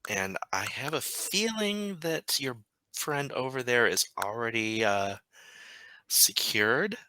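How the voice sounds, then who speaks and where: A man running a tabletop role-playing game as storyteller, narrating in an unhurried, halting way with frequent ums. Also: mid-range voice, lively intonation, sharp tone, dry recording, poor audio.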